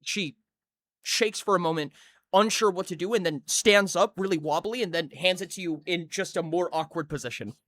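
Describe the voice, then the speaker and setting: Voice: mid-range voice, moderate pace, fairly bright tone, dry recording. A game master narrating a tabletop game scene by scene, vivid and building detail.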